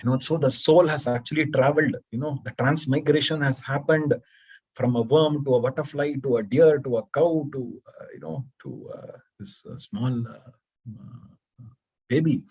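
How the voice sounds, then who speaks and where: Husky guy teaching a devotional class, chatty, lots of "you know". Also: mid-range voice, normal speed, a little mellow, rough recording. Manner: chatty, many fillers, acts out quotes.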